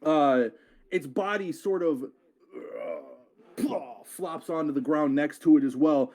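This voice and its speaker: A man's voice: fairly high pitch, big pitch swings, slow pace, a little mellow. A man narrating a tabletop game as game master, casual, often swearing and correcting himself mid-sentence.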